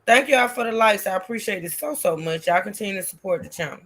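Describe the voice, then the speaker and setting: Animated, lively woman livestream co-host. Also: mid-range voice, fast, gravelly. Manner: animated, chatty, reacting to viewers. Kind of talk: casual commentary chat.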